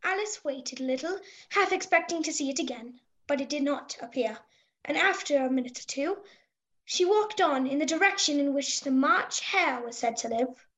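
A woman narrating a storybook drama in a gentle, measured way. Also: sits high, animated.

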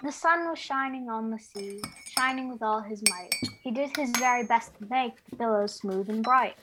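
An actress playing an odd tea-party guest who recites verse in a sing-song way. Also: female voice, a little high, moderate pace, noisy background, lightly acted. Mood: reciting. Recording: loud clattering dishes behind.

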